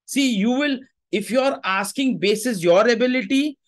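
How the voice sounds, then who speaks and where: A man's voice: very high voice, normal speed. A man preaching a sermon, emphatic and repeating his phrases, with Hindi asides.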